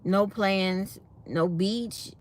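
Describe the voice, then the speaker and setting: A woman's voice: medium pitch, extremely slow. Fields: Sex: woman. Role: vlogger. Style: chatty casual storytelling to viewers. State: sore mouth after dental work. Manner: chatty storytelling, speaks her mind.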